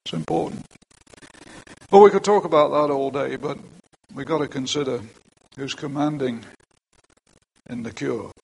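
Older male preacher, gravelly and husky. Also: mid-range voice, moderate pace, pauses often, darkish tone, low-quality recording. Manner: plain conversational preaching with asides. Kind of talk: sermon. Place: church.

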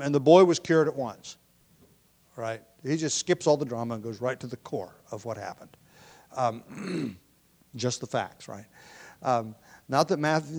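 A man with a slightly high voice preaches a verse-by-verse Bible sermon, thinking aloud conversationally with frequent ums, restarts and throat clearing.

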